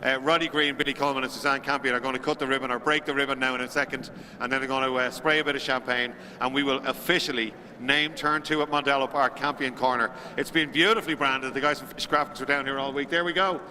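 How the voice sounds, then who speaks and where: A man's voice: mid-range voice, fairly even intonation, quick pace, bright, forceful tone, in a large hall. An Irish man announcing live to a crowd at a race circuit, upbeat and chatty as he rallies the spectators.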